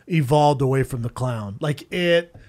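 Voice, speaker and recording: A man's voice: medium pitch, a little slow, darkish tone. A man co-hosting a podcast, telling stories and joking in a loose, profane way. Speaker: podcast co-host. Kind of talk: casual comedy chat.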